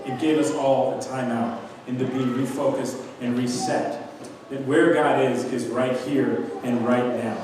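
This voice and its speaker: A pastor delivers an earnest sermon in a steady mid-range man's voice, pressing his points through repetition. His words echo through a large church sanctuary, picked up from a distance with a faint hum of room noise. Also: mid-range voice. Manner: earnest, emphatic, builds to repeated points. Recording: echoey church hall from far off.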